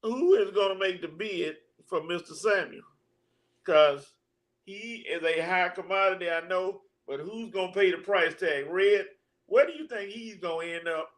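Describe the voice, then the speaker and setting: A man's voice: sits high, normal speed, a bit bright. A man co-hosting a sports talk show, easygoing, running through topics and tossing questions to his partner. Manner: easygoing, laughs at his own jokes, tosses questions. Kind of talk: casual sports banter.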